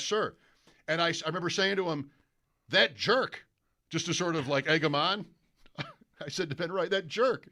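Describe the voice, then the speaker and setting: During casual conversation in the studio, a male sports radio host with a fairly high pitch recounts a long anecdote. He delivers it with animation, copying broadcaster calls along the way.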